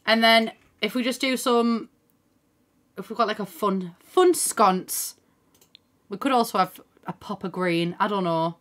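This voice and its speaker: At a measured pace, a woman with a mid-range, somewhat bright voice streams from home, her desk mic set in front of the screen. She keeps things casual as she plays, talking through her thoughts, reading chat, and cursing once in a while.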